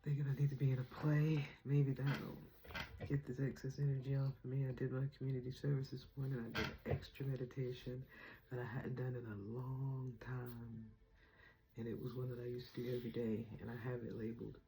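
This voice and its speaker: A woman's voice: extremely low pitch, level tone, fairly quick, warm tone, poor audio. A young adult woman vlogging about spirituality, emotional and close to tears, talking casually with slang. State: teary, on the verge of crying. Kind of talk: emotional spiritual vlog chat.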